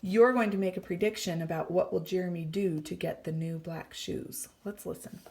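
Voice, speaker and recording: Woman reading a story aloud to kids, gravelly. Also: fairly low pitch, normal speed. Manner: clear, expressive teacher voice, often dropping to a whisper. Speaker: teacher. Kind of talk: read-aloud lesson for children.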